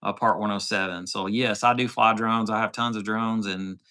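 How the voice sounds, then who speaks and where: A man's voice: on the low side, fairly even intonation, moderate pace, sharp tone. A man, hosting a casual off-road livestream and telling a rambling story with lots of quoted dialogue. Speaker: off-road channel host.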